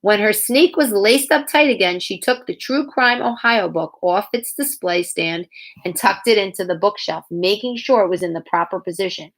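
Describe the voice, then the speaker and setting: Female narrator reading a kids' novel aloud; animated, plays every character herself. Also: mid-range voice, normal speed. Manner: acts out characters with lively voices. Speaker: reader.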